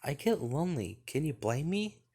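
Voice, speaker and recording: A man voicing a playful, teasing young woman friend in a game, his voice lifted a little higher than his own. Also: big pitch swings, moderate pace, dark tone, husky, exaggerated voice.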